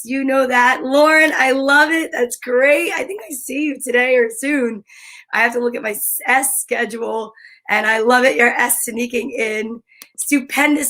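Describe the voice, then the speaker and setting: A woman hosting a live stream in an upbeat, effusive chatting style, greeting viewers warmly by name and stretching out her hellos. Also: a little high. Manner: stretches out greetings slowly, sometimes drops to a soft whisper. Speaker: live-stream host and comedian.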